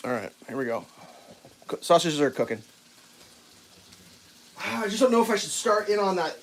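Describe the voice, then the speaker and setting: A man's voice: high-pitched, big pitch swings, moderate pace, long pauses. Chatty man cooking breakfast on a livestream. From central United States. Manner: rambling, chatty, talks to viewers and his dog. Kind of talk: casual live-stream chat while cooking. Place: home kitchen.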